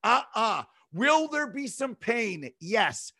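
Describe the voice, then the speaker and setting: A man hosting a sports talk podcast, firing off rhetorical questions and answering them himself in quick, punchy bursts. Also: very high-pitched, sing-song, pushed and bright, no room sound, studio quality. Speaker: podcast host.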